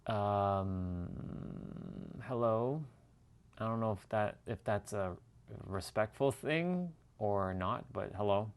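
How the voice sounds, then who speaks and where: A man's voice: fairly low pitch, takes it slowly, clean tone. A man hosting a livestream, chatting casually in a rambling, profane way and laughing often. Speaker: livestream host. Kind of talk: casual chat.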